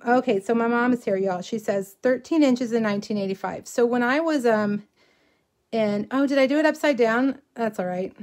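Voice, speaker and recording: A woman's voice: on the high side, normal speed, darkish tone. A middle-aged woman from South Texas with a drawl, chatting casually and rambling as she hosts a crafting livestream and reads out viewer comments.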